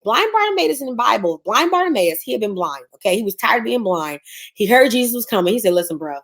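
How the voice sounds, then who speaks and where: A woman's voice: a little high, big pitch swings, fast, fairly bright tone. A woman business coach, teaching on a livestream in a sassy, preachy way and acting out mocking voices.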